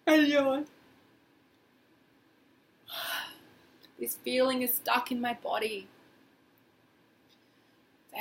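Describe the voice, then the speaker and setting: A woman guiding a tapping exercise in a casual, expressive way, acting out feelings as she leads. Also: high-pitched, drawn-out words, pauses often. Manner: casual, expressive, acts out feelings in quoted phrases. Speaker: tapping session guide.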